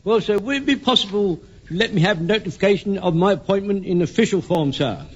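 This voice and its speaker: An older actor playing an elderly, excitable male butcher and Home Guard corporal, eager and fussy, in a radio sitcom. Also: high voice, fairly quick, husky. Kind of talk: 1970s radio sitcom acting. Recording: dull old radio recording.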